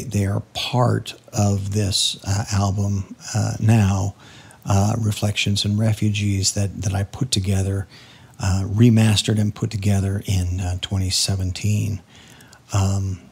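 A man hosting a music podcast, talking casually about composing his own songs, halting with many fillers and restarts. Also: lowish voice, vocal fry, a little mellow, husky.

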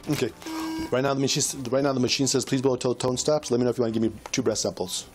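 A man's voice: mid-range voice, fairly even intonation, very fast, over music. A male police officer coaching a suspect through a breath test with short, repeated commands. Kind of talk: bodycam field recording.

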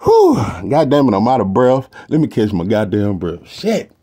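A Texan man hosts a casual boxing talk show, his voice sitting at an ordinary middle pitch. He rambles and restarts, leaning on slang and profanity to hammer his opinions home. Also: wildly swooping pitch, moderate pace, mellow. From Texas.

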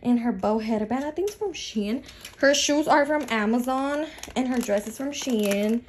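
A woman's voice: fairly high pitch, normal speed, darkish tone, far from the mic, a little hiss or hum. A young woman and mother vlogging in casual chat to camera, emotional and gushing, often saying "like" and "y'all". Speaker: mom vlogger.

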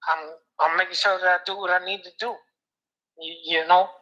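Halting emotional man, very bright tone. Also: high voice, little pitch movement. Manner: halting, repeats words and restarts often. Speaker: former college football player, guest. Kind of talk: emotional interview talk. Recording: dull lo-fi audio.

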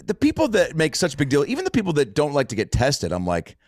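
A male comedian hosting a podcast, telling his stories in a lively voice that swings widely in pitch. He talks loosely and swears freely. The sound is dry and close to the mic. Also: fast talker, no room sound. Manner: animated storyteller, swears freely. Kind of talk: casual podcast chat.

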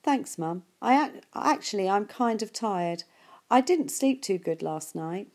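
Earnest ten-year-old boy, read by a woman in a warm, mellow voice, lightly raised and quick. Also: medium pitch, animated. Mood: thoughtful.

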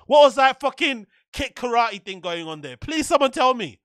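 Young podcast host, bright tone, animated and profane rant, keeps firing the same question. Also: male voice, very high-pitched, fairly quick, no room sound. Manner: animated, exasperated, profane, repeats his questions. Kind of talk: ranting commentary.

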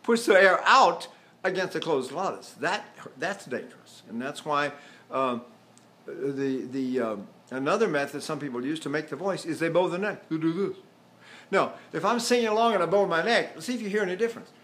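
Older male voice teacher, higher voice. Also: normal speed, fairly bright tone, slight background noise. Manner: demonstrative, explains through examples and questions. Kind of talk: vocal technique lesson with sung demonstrations.

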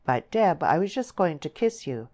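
A woman's voice: fairly low pitch, sing-song, normal speed, dark tone. A woman reading an eager, impatient young man. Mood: passionate. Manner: insistent and impatient.

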